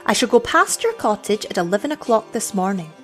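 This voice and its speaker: A haughty young village girl, as a woman reads her, scornful and measured, with a lively rise and fall in her lines. She talks down with calm superiority in a storybook reading. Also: mid-range voice, soft background music, lightly acted.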